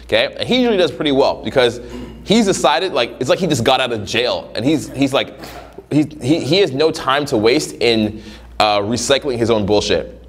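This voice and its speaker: A male dating coach talks in a loose, foul-mouthed coaching monologue. His pitch swings widely as he acts out scenes from his students' lives, dropping into voices for them. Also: moderate pace, breathy edge. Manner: profane, animated, acts out scenarios in voices.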